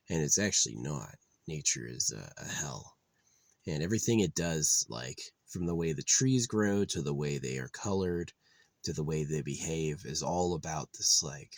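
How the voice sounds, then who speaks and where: Low-voiced guy rambling and cursing, lots of ums and likes, dry close sound. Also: gravelly, dry recording. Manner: meandering, profane, frequent fillers and restarts. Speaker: vlogger. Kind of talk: rambling casual monologue.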